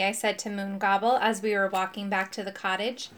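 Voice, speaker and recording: A woman reading a children's storybook aloud, expressive and animated. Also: medium pitch, moderate pace. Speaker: audiobook reader.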